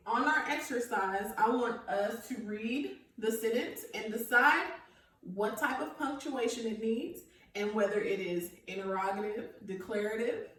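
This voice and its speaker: A woman with a fairly bright, high-leaning voice teaches young children grammar in a recorded remote lesson, patiently covering each point and asking "okay" after each. As an elementary school teacher speaking off the mic, she's captured from a distance in an echoey room.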